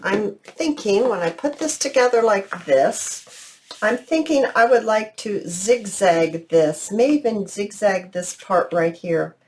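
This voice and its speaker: A woman hosting a crafting video, thinking aloud in a chatty, unhurried way. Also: mid-range voice, lively intonation. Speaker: crafting channel host. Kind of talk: casual craft tutorial narration.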